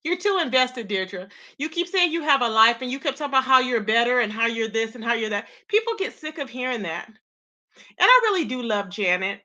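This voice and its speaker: Woman live-streamer, high and bright, sassy straight-talking host addressing chat. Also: animated, a little fast, dull audio. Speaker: livestream host. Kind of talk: casual live-stream commentary.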